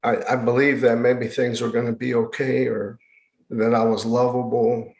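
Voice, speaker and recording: A man as a podcast guest, telling his personal story in an earnest, reflective way, often halting and repeating words. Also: medium pitch, little pitch movement, creaky, darkish tone, highs cut off. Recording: echoey room.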